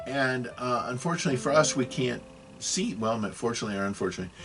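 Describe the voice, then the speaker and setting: A man in his sixties talks through a religious video lesson in a middle-pitched voice, wandering off topic and circling back with self-corrections. His delivery is loose and conversational, and faint guitar music plays beneath it. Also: animated, quick pace. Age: 60s. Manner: rambling, self-correcting, apologetic asides. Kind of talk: rambling video lecture.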